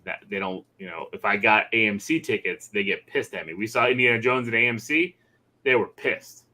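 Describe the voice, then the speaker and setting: A man co-hosting a casual podcast, telling animated, profane stories about his kids. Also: lowish voice, a little fast. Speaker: podcast co-host. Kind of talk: casual chat.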